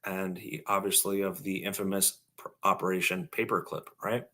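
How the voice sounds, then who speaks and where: A man with a bright, forceful, fairly low voice co-hosts a casual podcast. He reads aloud from a book and stops often for ums, uhs and restarts. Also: flat delivery, normal speed. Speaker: podcast co-host. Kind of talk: casual podcast reading and discussion.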